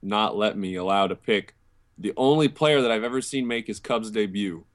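A young man with a lowish voice talks sports in a loose, casual way. He hesitates often, circling back with "um" and restarts as he works out his opinion. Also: moderate pace. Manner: hesitant, thinks aloud with many fillers and restarts. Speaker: podcast co-host.

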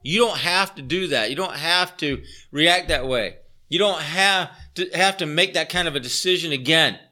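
A man preaching with a very bright, ringing voice pitched a little above most men. He speaks as a pastor in an earnest, conversational way. He hammers points home by repeating phrases and asking his listeners questions. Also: normal speed. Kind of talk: conversational sermon.

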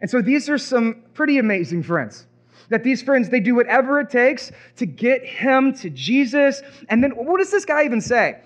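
A man preaching a sermon as pastor, animated and acting out imagined reactions. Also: extremely high pitch, normal speed.

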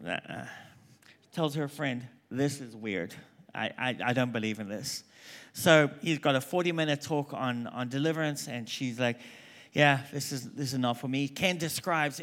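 A man preaching at a conference, telling stories animatedly and voicing the people he quotes. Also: fairly high pitch. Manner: animated storyteller, quoting people in hushed voices. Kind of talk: conference sermon with storytelling.

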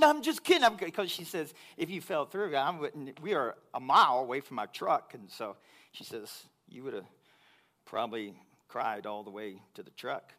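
A man preaching to his congregation, telling a personal story in an animated way that grows loud and high when he gets excited. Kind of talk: sermon storytelling.

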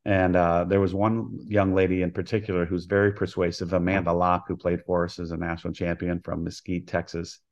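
Deep-voiced older man telling stories earnestly. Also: little pitch movement, a little fast, hardly any pauses, dull audio. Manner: earnest storyteller who acts out quoted dialogue. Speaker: college softball head coach, guest. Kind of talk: storytelling interview.

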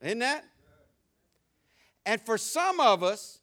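A male pastor preaching a sermon, animated, moving from soft asides to shouts. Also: high voice, measured pace.

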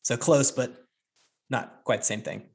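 A man's voice: medium pitch, unhurried, gravelly, darkish tone, slightly rough. A man, a professor and amateur poet, explaining things thoughtfully in a radio interview, with frequent fillers.

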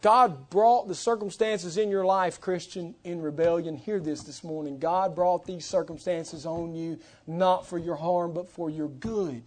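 Brief: male pastor, fairly high voice, preaching in church, booming emphasis dropping to near-whispers. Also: fairly even intonation, a little slow, hardly any pauses. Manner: preaching with swings between loud emphasis and hushed low tones. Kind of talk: sermon.

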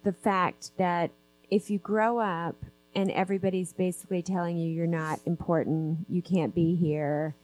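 A woman hosting a casual book discussion, chatty and animated. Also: on the low side, moderate pace, low-quality recording.

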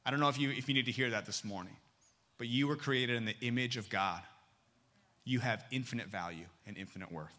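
Bright-voiced, lively male pastor. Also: medium pitch, fairly quick. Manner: lively and humorous, swinging between loud and hushed. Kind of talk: sermon.

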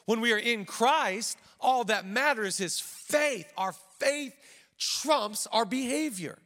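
A man preaching a sermon as pastor, lively, with joking asides and repeated phrases for emphasis. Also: very high voice, slow. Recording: long reverb of a large hall.

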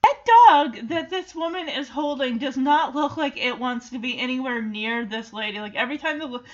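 A woman hosting a show, chatting through a sitcom episode in an animated, sarcastic way. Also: high voice, moderate pace, highs cut off. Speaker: recap podcast host. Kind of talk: casual episode recap commentary.

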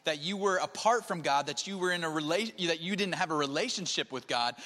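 A man preaching a sermon, moving between soft near-whispered passages and emphatic, raised stretches. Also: fairly high pitch, big-room sound. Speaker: pastor.

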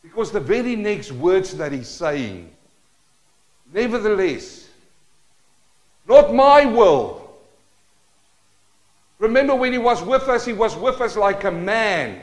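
Man preaching, high-pitched voice, rhetorical questions, acted-out dialogue. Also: big pitch swings, normal speed, hardly any pauses, rough recording. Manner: acts out prayers and dialogue in shifting tones. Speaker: pastor. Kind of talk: sermon.

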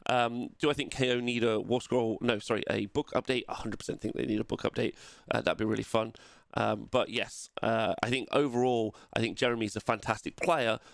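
A male host with a creaky, gravelly edge to his voice talks loosely through tournament results. He rambles and corrects himself as he goes, at a mid pitch. The sound is dry and close, with no room around it. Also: steady tone, fairly quick, dry recording. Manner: rambling, with many fillers and self-corrections. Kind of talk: casual tournament-results commentary.

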